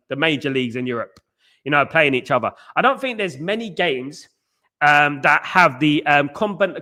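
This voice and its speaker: A man's voice: medium pitch, pushed and bright. A man hosting a football chat show, reading viewers' messages, rambling with many restarts and calling people "mate". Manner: rambling, restarts often, frequent "mate" and "you know what I mean". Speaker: podcast host reading live chat. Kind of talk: casual fan chat.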